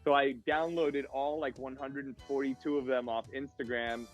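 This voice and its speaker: A man, a guest on a podcast, telling stories in a casual, animated way and acting out the voices of other people. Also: mid-range voice, normal speed, soft background music. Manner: animated storyteller, acts out voices in quotes. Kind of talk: casual storytelling chat.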